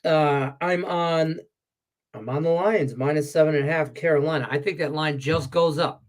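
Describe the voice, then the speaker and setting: On a casual Las Vegas sports betting talk show, a man with a voice on the high side rants at normal speed. He's profane, heated and animated, and he sounds congested because his sinuses are stuffed.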